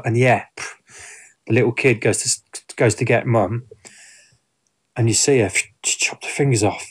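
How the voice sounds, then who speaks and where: A man's voice: medium pitch, normal speed, pauses often, husky. A man giving a casual spoken film review, rambling with many fillers and restarts.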